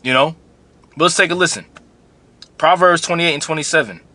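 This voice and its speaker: A man preaching straight to the people he is answering. His voice is bright and forceful, and his tone is blunt and confrontational. He repeats phrases often as he drives each point home. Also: on the high side, a little fast, no echo. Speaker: religious commentator. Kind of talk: preaching commentary.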